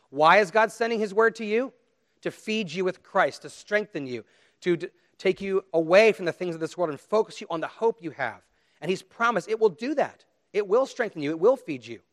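Earnest preaching man, fairly high voice. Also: lively intonation, fairly quick. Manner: earnest, pleading, with wide swings in loudness. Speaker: pastor. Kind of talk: sermon.

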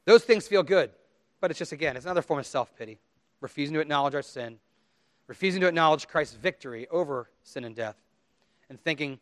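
Higher-voiced man preaching a sermon. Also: brisk, fairly bright tone, no room sound. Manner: conversational, acts out quoted inner voices. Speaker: pastor.

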